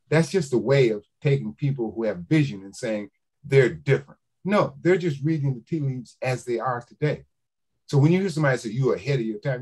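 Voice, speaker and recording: A man's voice: medium pitch, expressive, brisk, a little mellow, rough recording. An older man, an author, telling stories to a book club with an emphatic, preacher-like cadence. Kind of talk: public speaking, storytelling.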